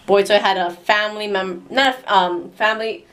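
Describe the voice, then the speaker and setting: A woman's voice: mid-range voice, steady tone, moderate pace, a bit bright, clean tone. A young woman filming a casual family vlog at home at night, playful and teasing, laughing often. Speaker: vlogger.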